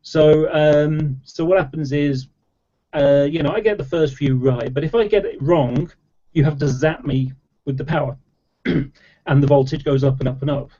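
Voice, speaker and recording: Rambling man with a mellow voice. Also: on the high side, fairly even intonation, normal speed. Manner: rambling, heavy use of fillers and restarts. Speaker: debater in an online chat. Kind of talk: casual explanatory chat. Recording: dull lo-fi audio.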